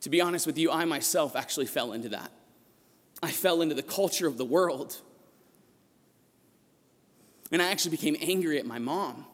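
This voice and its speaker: A man preaching a sermon as a priest, telling a personal story with passion and rising to shouts at the peaks, recorded in a church. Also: fairly high pitch, fast talker. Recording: long echo of a large church.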